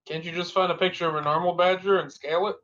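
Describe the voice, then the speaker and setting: A man's voice: sits high, steady tone, fast, a bit bright, highs cut off. A man playing a tabletop game, dropping wry quips. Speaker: player. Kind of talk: tabletop game play over voice chat.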